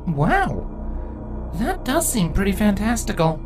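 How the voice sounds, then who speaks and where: A woman's voice: mid-range voice, big pitch swings, slow pace, music in the background, voice pushed up. A woman voicing a young, studious female changeling princess who sounds eager and curious, in a fan fiction reading.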